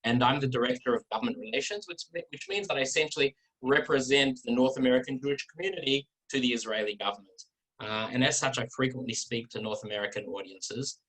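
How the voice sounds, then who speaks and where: A man's voice: medium pitch, quick pace, low-quality recording. Middle-aged aussie guy talking over a video call, easygoing, doubles up words as he goes. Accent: Australian. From from Australia. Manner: relaxed, repeats words as he goes. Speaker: guest speaker. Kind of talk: informal talk with anecdotes.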